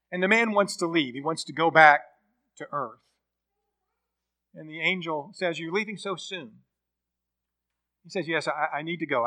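Male preacher, fairly high and bright voice, storytelling sermon delivery. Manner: storytelling, acts out quoted dialogue.

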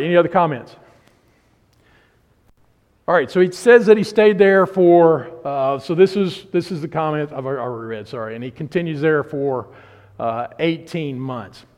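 Man teaching Bible class in echoey hall. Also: on the high side. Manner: conversational, animated retelling with restarts. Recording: reverberant hall.

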